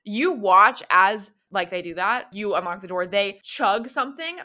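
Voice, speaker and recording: Bright lady gm rambling thru the scene, lots of likes and ums. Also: medium pitch, expressive, measured pace. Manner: loose, rambling narration full of fillers. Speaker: game master. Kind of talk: narrating a tabletop role-play.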